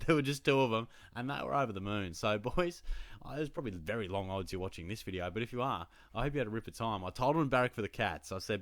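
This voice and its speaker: Brief: young Australian man, laid-back storyteller, slightly low voice, dead-dry recording. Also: quick pace, fairly bright tone, no echo. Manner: chatty storytelling with slang and laughs. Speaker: fantasy football show host. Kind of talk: casual chat.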